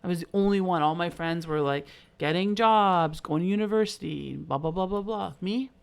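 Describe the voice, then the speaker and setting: A woman co-hosting a casual podcast, her voice rough with a creaky edge. She tells frank personal stories with a loose, unpolished manner and the odd curse word. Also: on the low side, moderate pace. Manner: candid storytelling, frequent "like", occasional swearing. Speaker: podcast co-host. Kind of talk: casual chat.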